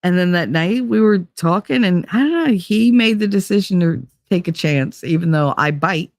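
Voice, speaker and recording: A woman's voice: on the low side, normal speed, a little mellow, no echo, studio quality. A woman hosting a podcast, chatting through a long personal story in a rambling way, full of "like" fillers. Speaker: podcast host. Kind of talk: casual storytelling monologue.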